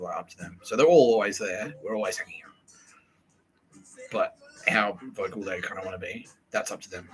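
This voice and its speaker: A man's voice: fairly low pitch, a bit bright, a little hiss or hum, low-quality recording. A man hosting a podcast, talking in a profane, rambling way and often restarting his sentences. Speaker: podcast host. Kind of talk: casual rambling monologue.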